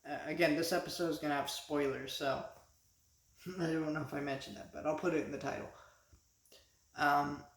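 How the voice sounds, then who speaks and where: A man's voice: fairly high pitch, little pitch movement, moderate pace, long pauses, roomy sound. A man giving a casual spoken review as a vlogger, rambling with many restarts and fillers.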